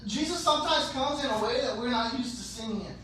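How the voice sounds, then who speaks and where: A high, bright-voiced man preaches playfully, now and then shouting out short scenes in put-on voices. He is heard from a distance in a very echoey church hall, with faint noise underneath. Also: brisk. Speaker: pastor. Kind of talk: sermon.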